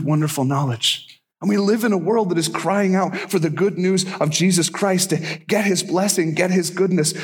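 A man preaching a sermon, telling stories and acting out the people in them with lively swings of voice. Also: fairly high pitch, slightly rough. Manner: animated storyteller who acts out the people in his stories. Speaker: pastor.

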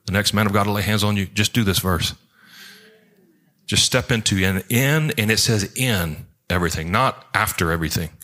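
A male pastor preaching a sermon in church, in an animated, rambling way, acting out quotes as he jumps between points. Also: lowish voice.

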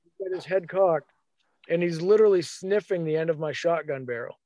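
A man telling a hunting story in a casual, animated way, acting out his own thoughts as quotes. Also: on the high side, brisk, dry recording.

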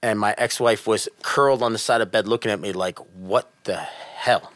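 A middle-aged man shares a personal story in casual conversation, animated and earnest, getting softer at the tense moments. His voice is on the low side and quick, with no echo.

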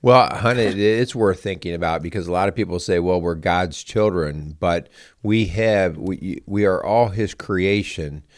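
A deep-voiced man talks through faith and family with his partner, pausing and restarting mid-sentence as he thinks aloud. The recording is dry and close, with no room around the voice. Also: no room sound. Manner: halting, restarts often, calls partner "hun". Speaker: podcast co-host. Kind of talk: casual faith-based conversation.

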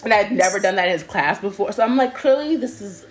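A woman's voice: mid-range voice, quick pace, faint music behind. A young woman casually telling a story, laughing and acting out what people said. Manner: animated, laughing storytelling with acted-out quotes. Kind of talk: casual chat.

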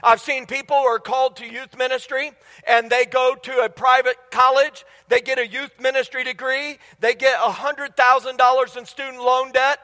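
Here the guest preacher's voice is very high, bright and pushed, yet his delivery stays flat at a moderate pace. He speaks enthusiastically and conversationally, frequently questioning the congregation, while the sanctuary adds a long, echoing reverb.

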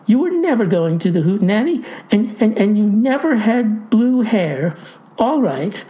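A woman's voice: mid-range voice, very animated, unhurried, mellow. A woman voicing a flustered, bewildered young female postal clerk who exclaims in a rattled way. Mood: unsure.

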